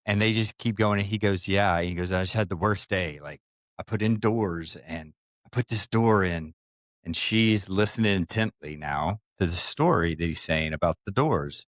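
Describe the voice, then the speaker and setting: With a deep voice at a moderate pace, a male podcast co-host tells a story in casual conversation, acting out the voices of the people in it before taking a firm stance. The recording is clean studio sound with no echo.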